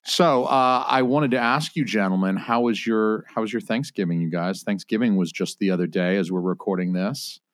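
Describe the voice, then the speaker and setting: An American man hosting a podcast, joking with his guests in a teasing, deadpan way. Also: fairly low pitch, normal speed, hardly any pauses, no echo, clean studio sound. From United States. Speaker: podcast host. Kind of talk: casual podcast banter.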